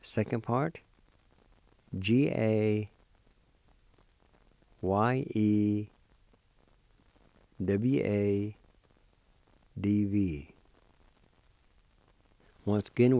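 A man teaching a language lesson, spelling and pronouncing words slowly, letter by letter, and encouraging his listeners. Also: on the low side, warm tone, no echo. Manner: slow, deliberate, spells letter by letter. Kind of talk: slow spelling and pronunciation lesson.

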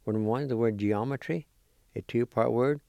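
A man teaching a language lesson, spelling words letter by letter and pronouncing them slowly and deliberately. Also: mid-range voice, creaky, dark tone, no echo, studio quality.

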